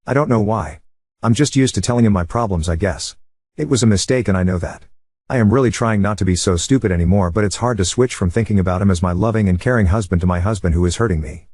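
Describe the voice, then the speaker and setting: A man reads an online confession aloud in scripted narration with a brisk, even delivery. His voice sits on the low side and races along. The sound is close and dry. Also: slightly rough, dry recording. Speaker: story narrator.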